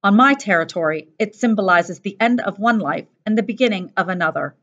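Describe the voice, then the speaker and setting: A woman reading aloud as a cold, proud young woman fighter, slow and clipped. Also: mid-range voice, lively intonation, fairly bright tone. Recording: dull lo-fi recording.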